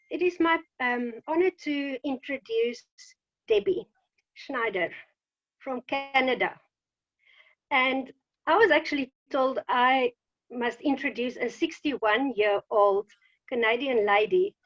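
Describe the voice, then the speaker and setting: A woman host introduces a guest on a video call, hesitant and full of fillers. Her voice is quite high and comes through dry and dull, with no room sound. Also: dry recording.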